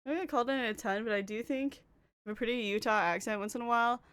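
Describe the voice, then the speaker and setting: A woman's voice: fairly high pitch, fast, fairly bright tone, smooth. A young woman with a Canadian accent, chatting casually with her stream chat while doing her makeup. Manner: chatty, reads and answers chat. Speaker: livestreamer.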